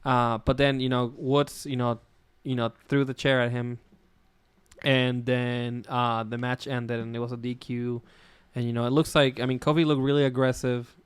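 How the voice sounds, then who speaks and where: A man's voice: medium pitch, flat delivery, moderate pace, clear, resonant tone, dry recording. A man with a Midwestern American accent co-hosting a casual wrestling podcast, laid-back and rambling, swearing and laughing often. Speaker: podcast co-host.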